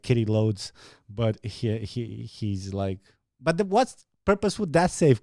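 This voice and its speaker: A man's voice: on the low side, dark tone, no echo, studio quality. A young man hosting a podcast, chatting casually with viewers in a rambling, profane way with frequent laughs. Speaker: podcast host. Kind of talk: casual chat with live viewers.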